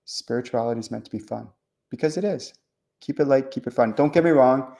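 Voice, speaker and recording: A man's voice: medium pitch, brisk, vocal fry. Chatty, rambling man host. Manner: rambling, animated, many fillers and restarts. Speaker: spiritual channeler hosting a call-in show. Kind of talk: casual teaching monologue.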